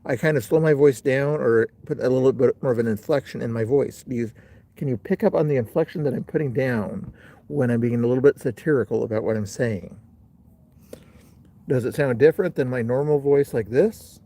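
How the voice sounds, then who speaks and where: A man's voice: mid-range voice, a little fast, warm tone. A middle-aged man hosting a casual livestream outdoors, rambling and talking straight to his chat. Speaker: livestream host.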